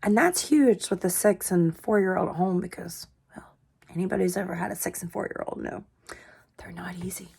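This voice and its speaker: A woman in her thirties giving an earnest parenting pep talk to camera, asking viewers direct questions and dropping into soft breathy asides. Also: lowish voice, steady tone, moderate pace. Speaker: parenting vlogger.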